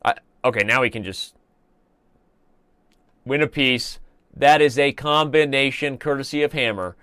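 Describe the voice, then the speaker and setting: A man's voice: medium pitch, pushed and bright, clear, resonant tone, dry recording. A man hosting a live chess stream, commenting on games in a playful, joking way. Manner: playful, joking, fast-moving.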